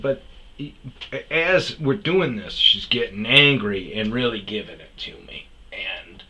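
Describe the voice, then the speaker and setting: On a roughly recorded podcast, a male host with a lowish, sharp-toned voice tells a story that turns into a heated rant. He swears often and keeps restarting his sentences.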